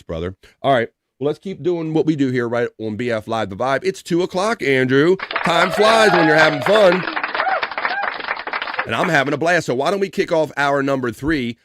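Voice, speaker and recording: A man's voice: mid-range voice, no echo, clean studio sound. A man hosting a casual live stream in a boisterous, profane manner, hyping up his segments. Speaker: livestream show host.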